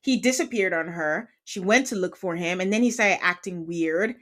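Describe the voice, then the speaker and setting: A woman's voice: lowish voice, moderate pace. A woman host in casual conversation, recapping episodes of a reality series. She is chatty and slips into little voices when quoting people. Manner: chatty, acts out quotes with lively voices. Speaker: podcast host.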